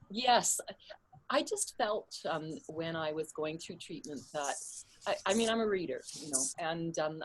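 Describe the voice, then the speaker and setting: A woman's voice: sits low, a bit bright. A woman author and artist speaking candidly in a remote interview, with frequent fillers and laughs, heard through a computer mic without a headset. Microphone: computer mic without headset on a video call.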